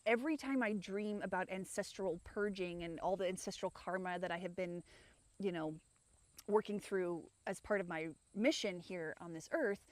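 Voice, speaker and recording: A woman's voice: mid-range voice, moderate pace, dry recording. A woman hosting a livestream, talking frankly and meanderingly about her life from an outdoor rock garden, with frequent swearing. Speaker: livestream host. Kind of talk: rambling personal chat.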